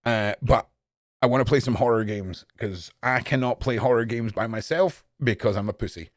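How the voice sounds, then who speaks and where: A young man chatting casually and profanely on a live stream, jumping between loud outbursts and low mutters. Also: normal speed, no room sound, studio quality. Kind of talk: casual rambling stream chat.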